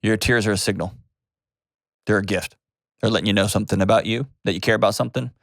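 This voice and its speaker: A man's voice: lowish voice, steady tone, quick pace, creaky, fairly bright tone, dry recording, clean studio sound. A man hosting a call-in advice show, talking in a direct, reassuring way and cutting in to steer the conversation. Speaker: host.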